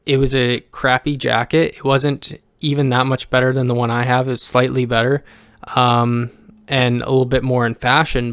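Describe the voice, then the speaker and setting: Young male vlogger, clear resonant voice, dry recording, meandering and hesitant. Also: medium pitch, no room sound. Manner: halting, many ums and restarts. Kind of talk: casual rambling monologue.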